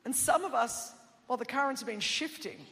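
Woman preacher; bright, cutting tone; emphatic, shouty peaks; long hall reverb. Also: high-pitched, animated, a little fast, creaky. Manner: emphatic, builds to shouted declarations, chatty asides. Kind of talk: sermon. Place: large church auditorium.

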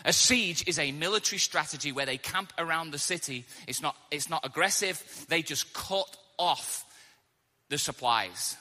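A man's voice: fairly high pitch, normal speed, big-room sound. A man preaching a sermon, telling stories animatedly and acting out the quotes. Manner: animated storytelling with acted-out quotes.

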